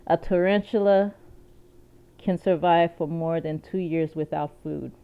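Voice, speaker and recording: Woman vlogging, chatty and animated, kinda dull lo-fi audio. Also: fairly low pitch, measured pace, smooth. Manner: chatty, animated storytelling with laughs and asides. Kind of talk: casual chat. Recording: dull lo-fi sound.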